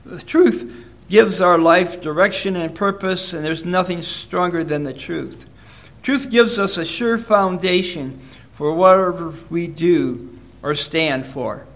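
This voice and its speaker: A man preaching a sermon in a measured, earnest way, reading Bible verses aloud between his own points. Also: sits high, a bit bright. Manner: measured, earnest, reads verses in King James wording.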